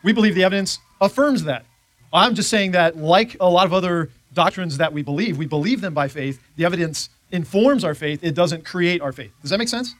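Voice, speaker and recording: A man's voice: high voice, expressive, brisk, fairly bright tone, no echo. A man teaching a church Bible class in a conversational way, often checking in with his listeners.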